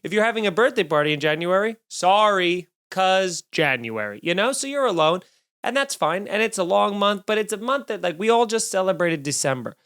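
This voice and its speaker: Young male comic host, self-deprecating rant style, clear resonant voice. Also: high-pitched, expressive, a little fast, a bit bright. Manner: sarcastic, rambling, self-deprecating. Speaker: comedian podcast host. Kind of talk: solo comedic rant. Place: home studio, drinking while recording.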